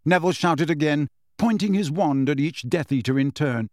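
A man narrating an audiobook in an expressive, dramatic storytelling style. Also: a little high, normal speed, no room sound, studio quality. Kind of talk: scripted narration.

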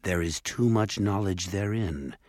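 A man's voice: low-pitched, a little mellow, no room sound, clean studio sound. A man doing a proud, formal female elf. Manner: measured and formal. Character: cold, proud female elf, green-eyed. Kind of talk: audiobook character voice.

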